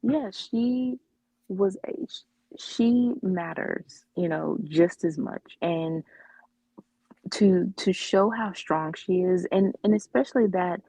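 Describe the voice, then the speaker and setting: A woman's voice: lowish voice, slow pace, warm tone, husky, dry recording, rough recording. A woman co-hosting a casual comics podcast, talking in a rambling way with many fillers and restarts. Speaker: podcast co-host. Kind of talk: casual chat about comics.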